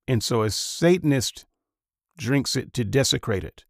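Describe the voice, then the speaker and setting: A man's voice: medium pitch, measured pace, no echo, studio quality. A man giving sarcastic commentary on a video clip, mocking and incredulous in tone.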